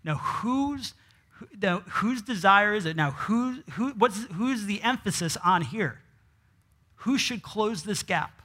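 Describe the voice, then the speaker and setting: A man's voice: sits high, expressive, takes it slowly, sharp tone. Man preaching with rhetorical questions. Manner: asks the congregation rhetorical questions and answers them; reads scripture aloud, with many restarts. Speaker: pastor. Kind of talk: sermon.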